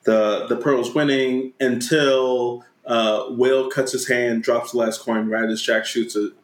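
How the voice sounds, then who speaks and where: A man's voice: mid-range voice, fairly even intonation, takes it slowly, reverberant. A man casually recapping a movie plot, swearing freely and acting out lines in slang. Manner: profane, slangy retelling with acted-out quotes. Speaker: podcast co-host.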